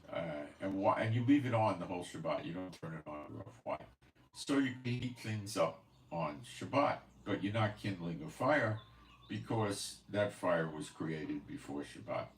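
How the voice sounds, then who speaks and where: Male host, very low voice, loose chatty monologue to viewers, off-mic in a reverberant room. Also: lively intonation, moderate pace. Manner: rambling, conversational, with many fillers and asides. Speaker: channel host. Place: at home in Israel. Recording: roomy echo, voice from a distance, faint background hiss.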